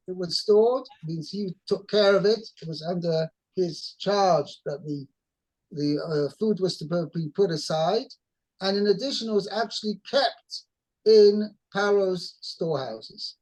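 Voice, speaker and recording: A man's voice: sits high, measured pace, a little mellow, low-quality recording. A man teaching a text-study lesson, explaining word by word with many restarts. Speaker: Torah teacher.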